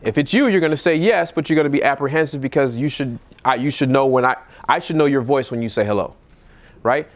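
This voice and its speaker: A man, a real estate investor, giving casual seminar talk at a live event and acting out phone scripts in a lively voice. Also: fast talker. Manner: animated, acts out calls in a higher voice.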